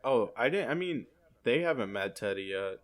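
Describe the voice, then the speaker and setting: A man hosting a podcast, telling relaxed, rambling stories in a casual chat. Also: medium pitch, moderate pace. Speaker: podcast host.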